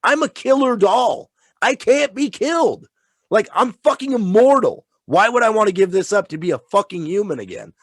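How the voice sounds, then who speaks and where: A man voicing a cocky male killer doll who boasts loudly and swears. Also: sits high, animated, normal speed, husky, dry recording, clean studio sound, pitched above the performer's own voice. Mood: defiant boastful. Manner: shouty, profane, boastful.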